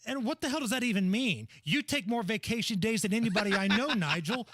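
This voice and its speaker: Brash, animated talk radio host. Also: male voice, high voice, brisk, dry recording, clean studio sound. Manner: brash, mocking, blunt. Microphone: studio microphone.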